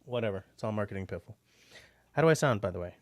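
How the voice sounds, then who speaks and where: A man's voice: lowish voice, animated, quick pace, background noise. A man hosting a livestream, chatting casually and rambling with frequent filler words. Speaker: livestream host.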